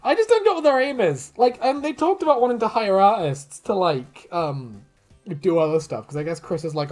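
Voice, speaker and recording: Brief: streamer, animated up-and-down delivery, loose and sweary, faint music underneath. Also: medium pitch, moderate pace. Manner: laughs often, swears casually, rambling. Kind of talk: casual stream chat while drawing.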